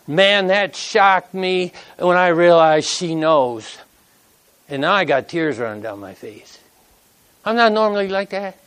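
A man's voice: high-pitched, expressive, measured pace, a bit bright, clear, resonant tone. A middle-aged man preaching a sermon, telling a personal story with emotion and reading scripture aloud in an earnest way.

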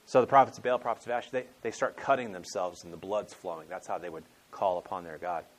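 This preacher gives an expository sermon on scripture, telling it like a conversational story and acting out the quotes, with frequent restarts. His voice is low and his pace quick.

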